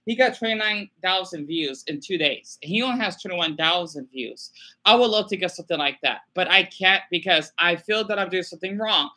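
A stressed man on a home live stream, his bright, forward voice catching as he stops and restarts. He keeps repeating himself and apologizing, talking into a webcam mic. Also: sits high. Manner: halting, repetitive, apologetic. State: stressed and distressed. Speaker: small YouTuber livestreaming. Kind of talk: emotional live stream talk.

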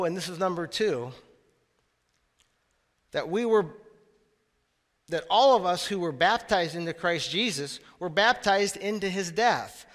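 Male pastor, high voice, talky sermon delivery, church reverb. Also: fairly bright tone. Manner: conversational preaching with asides. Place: church sanctuary.

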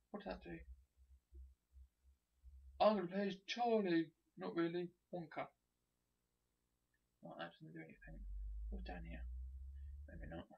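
A gamer giving chatty, excitable let's play commentary, thinking aloud as they explore. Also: medium pitch, creaky, slightly rough. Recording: dull lo-fi recording.

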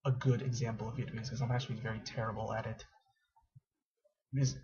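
A young man talks casually to his webcam, tripping over restarts and poking fun at himself. His voice is heavily husky and breathy, sitting mid-range for a man. The sound is dull and lo-fi, like a built-in webcam mic at home. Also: mid-range voice. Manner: casual, self-deprecating, stumbling restarts. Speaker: vlogger. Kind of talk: casual explanation to camera.

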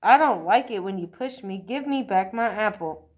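A woman's voice: medium pitch, animated, moderate pace, lightly acted. Woman voicing a brave little lightning bug boy. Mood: firm. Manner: firm, emphatic, a bit louder than the narration. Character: small shy boy lightning bug finding courage.

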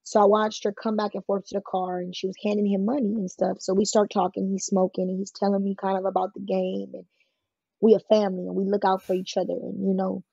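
Woman guest telling her story, plain-spoken and frank, raspy and gravelly, on a dry recording. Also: mid-range voice, level tone, fast, warm tone, no room sound, highs cut off. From California. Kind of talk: emotional personal storytelling in an interview.

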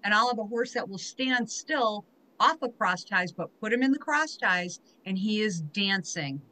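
A woman's voice: mid-range voice, lively intonation, normal speed, pushed and bright, low-quality recording. A woman hosting a podcast interview, sharing heartfelt, emotional stories in a conversational way. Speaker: podcast host.

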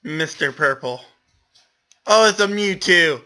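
Young male gamer, slow-paced casual commentary, self-mocking, exclaims a lot. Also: fairly high pitch, bright, forceful tone. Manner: self-deprecating, exclamatory, laughs often.

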